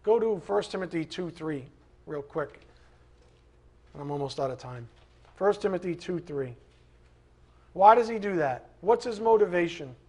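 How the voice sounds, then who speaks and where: A man with a high, husky voice preaches a sermon. He talks in a loose, conversational way, with asides and quick questions to his listeners. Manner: conversational, animated preaching with asides and acted quotes. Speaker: pastor.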